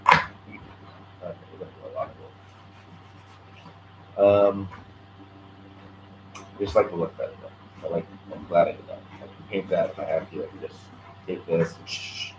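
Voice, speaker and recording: A man chatting casually while he works on a craft, rambling and counting quietly under his breath. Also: deep voice, fairly even intonation, moderate pace, pauses often. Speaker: vlogger crafting on camera. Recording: echoey room with clear background noise.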